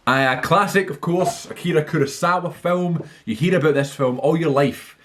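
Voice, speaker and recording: A man's voice: fairly high pitch, moderate pace, fairly bright tone. A man talking casually and eagerly to camera about films, rambling with lots of fillers and restarts. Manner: enthusiastic. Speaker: film vlogger. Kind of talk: casual movie list monologue.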